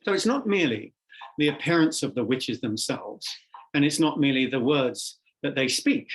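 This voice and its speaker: A man teaching English literature in a measured, explanatory lecture, stressing key words as he goes. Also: mid-range voice, lively intonation, husky.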